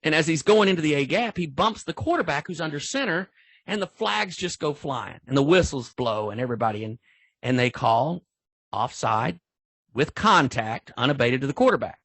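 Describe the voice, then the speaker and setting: Folksy older man, husky. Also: a little high, lively intonation, normal speed, a bit bright, dry recording. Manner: folksy, rambling, frequent restarts. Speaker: football official, guest speaker. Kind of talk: storytelling in an online training talk.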